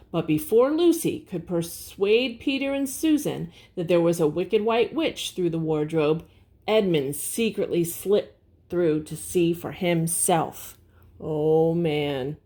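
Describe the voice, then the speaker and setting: An older woman with a fairly low voice reads a picture book aloud to her grandchildren. She pauses to explain words gently and point out the pictures. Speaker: storybook reader.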